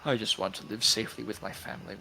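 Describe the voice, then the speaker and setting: A man voicing a weary male villager farmer, speaking quietly and worriedly. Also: lowish voice, fairly even intonation, fast, creaky, voice pushed down.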